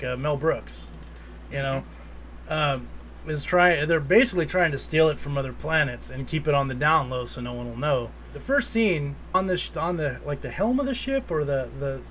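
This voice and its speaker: A man with a slightly high voice co-hosts a casual movie podcast. He rambles through scenes with plenty of swearing and laughs as he retells them. Faint background noise sits under his voice. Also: normal speed, a bit bright. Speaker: podcast co-host. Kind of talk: casual movie review chat.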